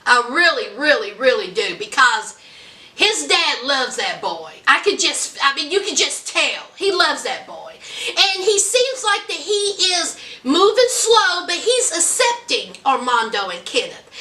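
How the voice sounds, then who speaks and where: A woman recaps a reality show in a sassy, chatty, colloquial way. Her voice is very high and bright. She sits back from the mic in an echoey room. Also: big pitch swings, a little slow, distant mic. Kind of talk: casual recap commentary.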